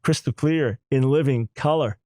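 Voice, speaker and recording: A man in his sixties hosting a radio talk show, talking emphatically and in quick, animated bursts. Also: medium pitch, dry recording.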